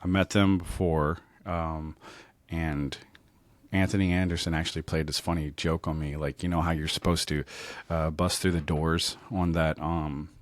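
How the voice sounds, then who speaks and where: A man's voice: extremely low pitch, level tone, normal speed, dry recording. A man in his thirties from New Orleans, telling stories from his life in a rambling way with many fillers and restarts. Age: 30s. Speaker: podcast host. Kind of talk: casual storytelling monologue.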